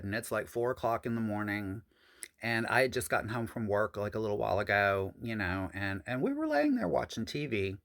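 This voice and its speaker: Guy doing a storytime vlog, super expressive pitch, cussing, calls everyone honey. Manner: animated, profane, addresses viewers as honey and y'all; jumps high in pitch for emphasis. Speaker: storyteller recounting own past. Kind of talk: casual storytime monologue.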